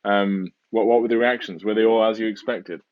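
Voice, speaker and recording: A man's voice: fairly low pitch, fairly even intonation, a little fast, muffled recording. A man hosting a podcast interview, asking long questions with many ums and restarts. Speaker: podcast host. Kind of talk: casual interview talk.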